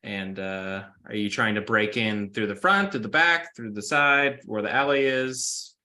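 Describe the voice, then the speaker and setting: A man's voice: lowish voice, measured pace, sharp tone. A man narrating as game master in a casual tabletop session, describing scenes with many fillers.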